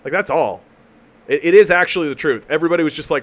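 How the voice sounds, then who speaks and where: A man's voice: a little high, fast talker. A man hosting a live political commentary stream, talking casually and sarcastically, swearing freely and often restarting his sentences. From Canada.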